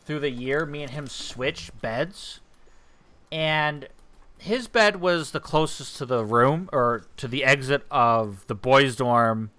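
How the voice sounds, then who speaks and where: Playing a video game, a man co-hosting a let's play rambles through an anecdote in a slow, mid-range voice. He tells it excitably, restarting often and swearing.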